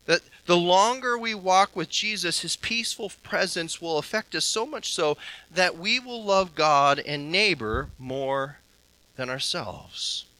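Male preacher giving a sermon, high bright voice, goes from near whisper to loud, dry sound. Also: unhurried, dry recording, poor audio. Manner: impassioned, swinging from hushed to loud.

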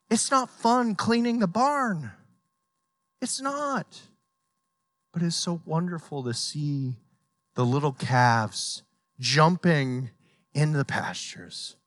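A male pastor with a slightly high voice preaches an earnest sermon. He tells stories with playful sound effects and pleads with the congregation. The sound is dry and close. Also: fairly bright tone, dry recording.

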